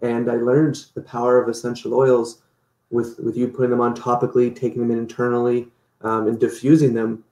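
A man with a gravelly, mellow voice speaks casually as an interview guest. He tells his story with energy and acts out quoted lines. The room gives his voice a noticeable echo. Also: medium pitch, monotone, a little fast.

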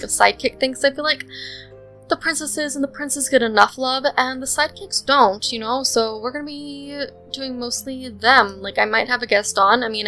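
A young woman provides voice-over commentary on a Sims speed build, rambling and chatty with plenty of "ums" and "likes." Her voice is on the high side and sharp, and the recording is rough.

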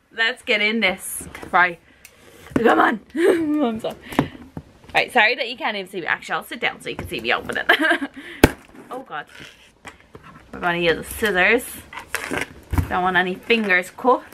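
A woman with an Irish accent vlogging an unboxing at home, rambling and gushing with excitement. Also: lowish voice, noisy background. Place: her apartment.

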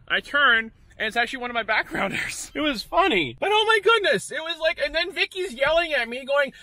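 A man vlogging casually, telling stories in a chatty, excitable way while out and about with a handheld camera. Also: very high voice, brisk, dry recording. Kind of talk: casual vlog chat.

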